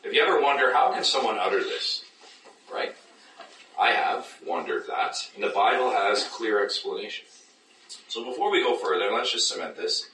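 A man preaches a sermon with a bright, lively voice that swings high when he mimics skeptics. He is picked up from a distance in an echoey church hall. A faint room hum sits under his words. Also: moderate pace. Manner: animated, acts out skeptics in high mocking voices. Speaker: pastor.

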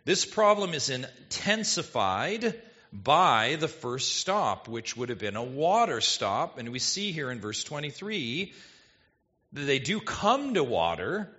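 A male pastor preaching an expository sermon, animated and full of rhetorical questions to the congregation. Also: medium pitch, takes it slowly, muffled recording.

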